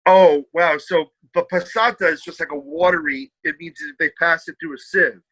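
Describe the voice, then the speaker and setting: A man from the United States, a podcast guest, telling lively stories in casual chat. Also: fairly high pitch, normal speed, dry recording, low-quality recording. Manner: animated storyteller, puts on British voices.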